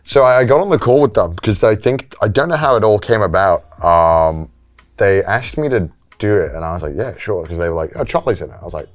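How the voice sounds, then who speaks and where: A man co-hosting a podcast in casual chat, telling animated stories and acting out quotes. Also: fairly low pitch, a little fast. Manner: animated storyteller, acts out quotes. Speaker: podcast co-host.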